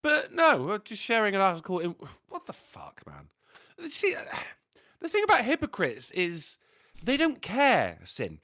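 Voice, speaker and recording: A man co-hosting a livestream, swearing freely and telling animated stories. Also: high-pitched, measured pace, dry recording, studio quality. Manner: animated, profane storyteller. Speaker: livestream co-host. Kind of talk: casual political livestream chat.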